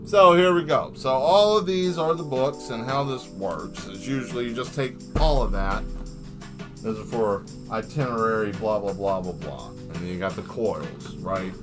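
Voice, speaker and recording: A man hosting a live stream as an artist, chatting casually and playfully while showing his artwork, rambling with bursts of excitement. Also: mid-range voice, moderate pace, over music.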